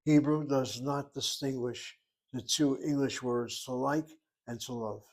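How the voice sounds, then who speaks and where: A man's voice: mid-range voice, fairly even intonation, unhurried, a little mellow. A man teaching a Hebrew class, explaining words and grammar step by step. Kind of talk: classroom lecture.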